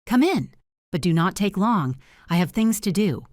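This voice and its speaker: A woman voicing a cold, contemptuous bullying man in a spoken story, with calm, measured delivery. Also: mid-range voice, no echo, studio quality, close to an everyday voice.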